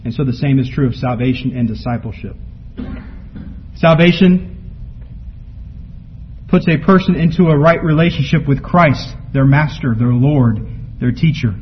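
A man preaching a sermon from scripture, building to emphatic peaks and then dropping low and quiet. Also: moderate pace, long pauses. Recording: muffled lo-fi recording with faint background noise.

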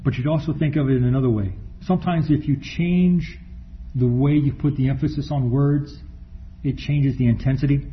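A man preaching a sermon, reading scripture aloud slowly and stressing key words as he explains them. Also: medium pitch. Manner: slows down to stress words, reads scripture deliberately. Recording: dull recording with faint room noise.

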